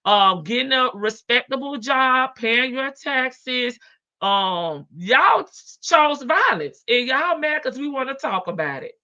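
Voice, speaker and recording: A brash, sassy woman hosts a live stream, cursing freely and laughing often. Her voice is bright and a touch high. The sound is dull and lo-fi, with a dry, close feel. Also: expressive, a little slow, dry recording. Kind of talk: casual live-stream commentary. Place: home in Las Vegas.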